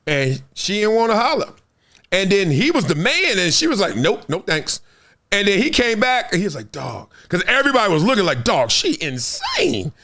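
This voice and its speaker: Lively fifty-year-old man telling stories. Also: sits high. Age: 50s. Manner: slangy, acts out quoted voices, laughs often. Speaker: podcast host. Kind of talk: animated storytelling.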